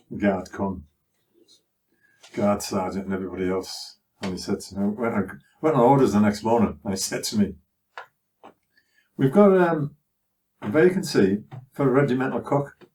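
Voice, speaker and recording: A man's voice: deep voice, a little mellow, recorded from a distance. An older man with a Scouse accent telling his son stories from his life in a chatty, anecdotal way. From Liverpool, England. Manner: chatty anecdotal telling, acting out others' voices. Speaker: father recounting his life. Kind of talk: conversational life-story storytelling.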